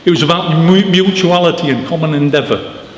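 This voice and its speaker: Animated man speaking in a church. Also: on the high side, fairly quick. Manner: animated storyteller, emphatic, informal asides. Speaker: author giving a book launch talk. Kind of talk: public talk to an audience. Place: church hall. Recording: echoey church with long reverb, faint noise.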